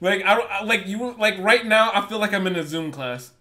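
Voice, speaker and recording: A young man on a podcast, teasing his friends in casual chat with loud outbursts. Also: high voice, lively intonation, a little fast. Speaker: podcast co-host.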